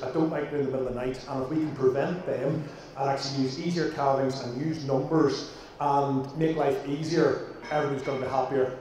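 A man's voice: a little high, warm tone. A man with a Northern Irish accent, a vet giving a jokey presentation to an audience with frequent fillers. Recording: echoey room, distant mic.

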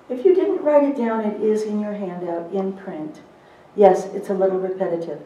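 A middle-aged woman presenting a live seminar to court reporters, emphatic and lively, with teasing asides. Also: medium pitch, moderate pace, highs cut off, a little hiss or hum. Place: seminar room. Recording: roomy echo, recorded from a distance.

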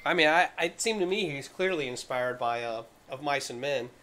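A man's voice: medium pitch, normal speed, fairly bright tone. A man co-hosting a podcast, chatting casually about a movie, often restarting his sentences and laughing easily. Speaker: podcast co-host. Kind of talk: casual movie-review chat.

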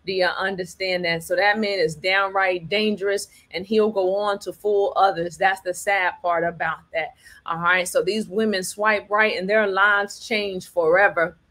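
A woman's voice: mid-range voice, fairly even intonation, unhurried, a bit bright. A woman hosting a commentary talk, speaking emphatically and often checking in with her listeners, acting out quoted lines. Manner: preachy, repeats "all right" and "do you understand me", acts out quotes. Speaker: host.

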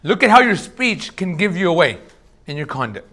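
A man preaching a sermon as pastor, casual and animated, swinging between loud bursts and hushed asides. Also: high-pitched, normal speed.

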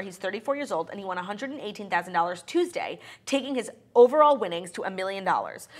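Young woman, casual podcast co-host, chatty and loose. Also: medium pitch. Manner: chatty, filler-heavy, swears casually. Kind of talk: casual chat.

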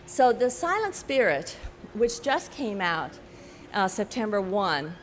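An older woman author talking to an audience at a book festival, telling animated stories with frequent "you know" and laughing at her own anecdotes. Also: mid-range voice, slow, a little hiss or hum. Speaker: author giving a talk. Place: large hall at a book festival. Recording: echoey hall with faint ambience.

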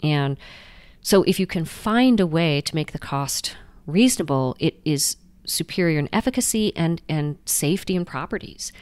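A woman doctor answering interview questions in a lively, explanatory way, often restarting sentences. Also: sits low, moderate pace, smooth, dry recording. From United States. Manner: lively, explanatory, frequent restarts and "you know". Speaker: guest doctor.

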